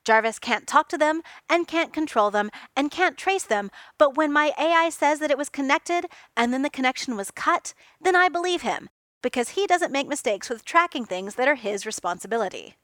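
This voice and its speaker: A woman's voice: a little high, very animated, moderate pace, a bit bright, dry recording, clean studio sound. A woman doing a brash, snappy genius inventor. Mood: exasperated. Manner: snappy and exasperated. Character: brash, impatient genius inventor, adult man.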